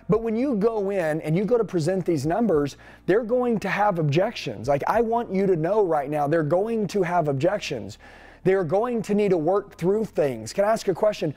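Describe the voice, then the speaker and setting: A man coaching salespeople in an energetic, punchy way, firing off rhetorical questions. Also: fairly high pitch, moderate pace. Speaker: sales trainer.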